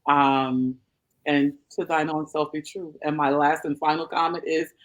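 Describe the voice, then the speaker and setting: A woman's voice: low voice, flat delivery, measured pace, poor audio. A woman pastor speaking as a podcast guest, earnest and encouraging in casual chat.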